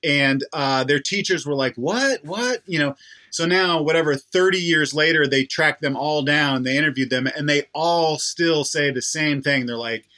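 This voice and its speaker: A man chatting on a podcast, excitable, laughing often and swearing a lot. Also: fairly high pitch, moderate pace. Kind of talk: casual chat.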